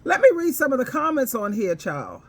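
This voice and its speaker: A woman's voice: high-pitched, a little fast. Laughing woman vlogger chatting casually. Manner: laughs often and heartily between lines; animated storytelling, rambling with fillers. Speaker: advice coach and vlogger. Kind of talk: casual commentary reading comments.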